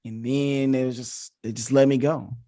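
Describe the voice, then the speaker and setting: A man in a casual podcast chat, telling a personal story in an animated, wry way and acting out the voices of the people in it. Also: mid-range voice, moderate pace, no echo. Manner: animated, acts out the dialogue he quotes.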